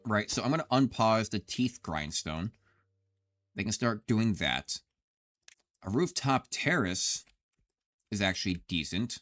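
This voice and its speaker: A man's voice: on the low side, lively intonation, measured pace, pauses often, fairly bright tone. A man in his thirties giving casual, rambling gameplay commentary as a streamer, swearing often and talking to his chat. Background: background music.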